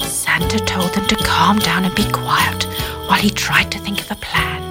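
A woman reading a Christmas story aloud to children in a lively, expressive way. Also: medium pitch, moderate pace. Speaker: narrator. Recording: over children's music.

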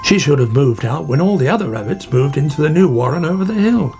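A man's voice: on the high side, lively intonation, quick pace, darkish tone, faint music behind. A man voicing a chatty, worried male otter in a storybook reading.

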